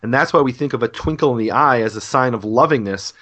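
A man's voice: mid-range voice, fast, a bit bright. A man, a guest author, earnestly explaining an idea in a podcast conversation, with frequent restarts.

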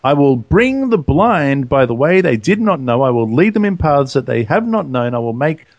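A man co-hosting a scripture talk, reading passages slowly and deliberately, then chatting casually. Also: medium pitch, sing-song, no echo, highs cut off.

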